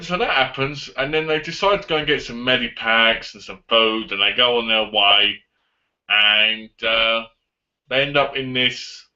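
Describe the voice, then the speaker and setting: A man casually reviewing a film on his vlog, retelling the plot in an animated way and acting out the lines. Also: mid-range voice. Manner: animated retelling with acted-out quotes. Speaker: movie reviewer. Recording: dull lo-fi audio.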